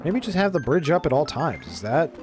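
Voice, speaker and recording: A man's voice: a little high, very animated, fairly quick. A man casually commenting while he plays a game, reading its dialogue aloud and cracking sarcastic jokes. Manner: jokey, sarcastic asides, reads game dialogue in a mock-serious voice. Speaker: streamer playing a game. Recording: faint background game music.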